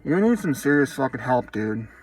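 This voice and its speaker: A man's voice: medium pitch, big pitch swings, moderate pace, a little hiss or hum. A man vlogging an angry, profane rant, blunt and heated, talking straight to his viewers.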